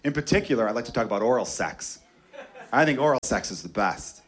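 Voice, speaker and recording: A man's voice: mid-range voice, lively intonation, a little fast. A young man doing a profane, punchy stand-up comedy set on a club stage. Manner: brash, profane, punchy delivery. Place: club stage before a laughing crowd. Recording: live club recording with crowd laughter.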